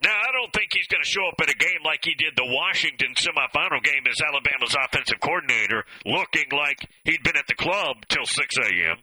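A man's voice: a little high, animated, fairly quick, hardly any pauses, sharp tone, breathy edge, dry recording, poor audio. A man hosting call-in sports talk radio, folksy and opinionated. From American South.

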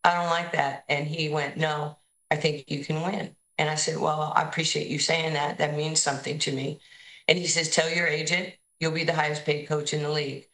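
Low, bright woman guest from New York, lively storyteller, echoey room. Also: moderate pace. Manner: animated storyteller, acts out quoted voices. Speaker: basketball head coach, guest. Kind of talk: interview storytelling.

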